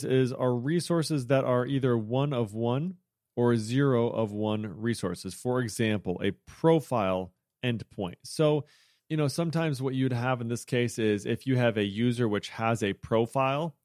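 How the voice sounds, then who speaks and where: A man's voice: mid-range voice, no echo, studio quality. A man hosting a podcast who explains programming features in a chatty way, correcting himself and joking along the way. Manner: chatty, self-correcting, jokey asides. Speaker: podcast host. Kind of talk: casual technical chat.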